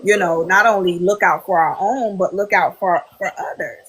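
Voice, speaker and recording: A woman's voice: on the low side, moderate pace, rough recording. A woman in her thirties chatting as a podcast guest, telling stories and acting out quoted voices. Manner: animated storyteller, quoting others in lively voices. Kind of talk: casual podcast chat.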